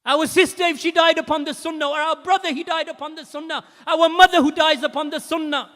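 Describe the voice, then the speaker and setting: A man preaching a sermon, emphatic and repetitive, at times rising to shouts. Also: extremely high pitch, steady tone, a little fast, in a large hall.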